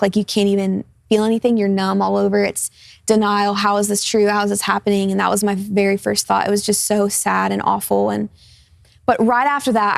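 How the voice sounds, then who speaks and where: Speaking with vocal fry at a medium pitch, this woman in her twenties is a guest on a talk show in a television studio. The recording is dry, and she relates her personal testimony in an earnest, open way, laughing easily at the light moments.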